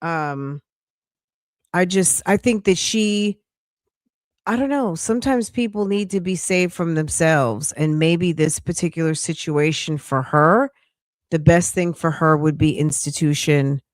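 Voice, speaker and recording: Chatty woman livestreamer, low and unhurried. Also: dry recording, clean studio sound. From United States. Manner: chatty, incredulous, laughs often. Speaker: livestream commentary host. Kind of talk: casual live commentary.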